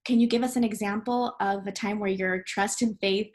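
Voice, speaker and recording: A woman's voice: medium pitch, steady tone, normal speed, darkish tone. A woman hosting as a life coach, talking in an encouraging, upbeat way. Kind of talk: casual conversation.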